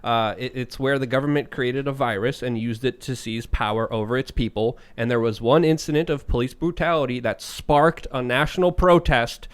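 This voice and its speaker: A man's voice: medium pitch, moderate pace, hardly any pauses, clear, resonant tone. A man on a political talk show, earnestly building his point step by step.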